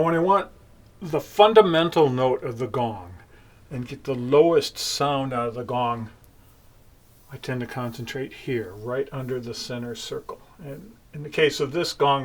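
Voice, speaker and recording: A man giving a calm, explanatory gong lesson, talking in short phrases between strokes. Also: mid-range voice. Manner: calm, explanatory, with many pauses while playing. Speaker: gong teacher. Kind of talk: demonstration lesson.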